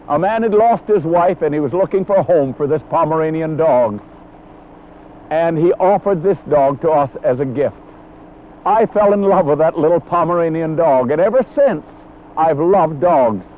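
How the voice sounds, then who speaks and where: Lively high-voiced preacher on tinny audio. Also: male voice. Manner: earnest, emphatic, quotes scripture. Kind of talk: sermon. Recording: tinny phone-like old recording with faint hiss.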